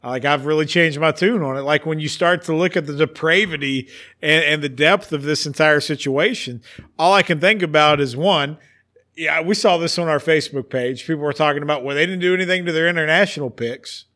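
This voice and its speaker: Male sports podcast host, animated and theatrical, bright, slightly high voice. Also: fairly quick. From West Virginia. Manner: animated, ranting, theatrical emphasis. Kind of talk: casual sports talk.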